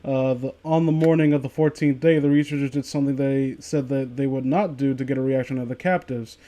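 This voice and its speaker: A man's voice: medium pitch, steady tone, fairly quick, dark tone. A man reading a horror story aloud to friends, stumbling over words and breaking off to joke and laugh. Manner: stumbles and restarts often, laughs a lot. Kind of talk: casual reading with jokey commentary.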